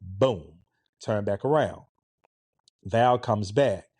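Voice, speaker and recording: A man in his forties casually telling a story in an animated, conversational way. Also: on the low side, extremely slow, slightly rough, dry recording. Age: 40s. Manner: animated, conversational, with a laid-back, relaxed tone.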